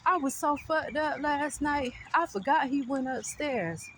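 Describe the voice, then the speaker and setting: A woman's voice: high-pitched, unhurried, slight background noise, pitched above the performer's own voice. Woman doing her careless hungover sister. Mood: offhand. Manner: offhand, dismissive.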